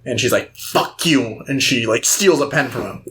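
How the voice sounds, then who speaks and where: A man on a podcast rambles through a movie recap in a casual, conversational way. He leans on fillers and tosses off quick voiced quotes as he goes. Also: medium pitch, fairly bright tone. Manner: rambling retelling with filler words and acted-out quotes. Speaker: podcast co-host.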